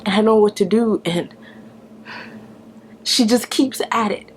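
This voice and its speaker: A woman retelling a painful experience, halting and restarting, with whispered quotes. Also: medium pitch, slight background noise. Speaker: vlogger. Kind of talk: emotional personal story.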